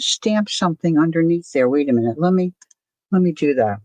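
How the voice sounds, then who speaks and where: A woman with a very deep, slightly mellow voice speaks expressively at normal speed, leaving long pauses. Hosting a casual art journaling livestream, she talks to herself as she works and greets viewers by name, all with no echo.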